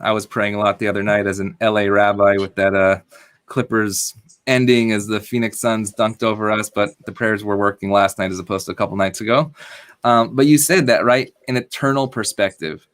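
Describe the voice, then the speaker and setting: A man's voice: lowish voice, fairly bright tone. A man, a rabbi, hosting an interview with engaged, sermon-like questions. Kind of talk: conversational interview.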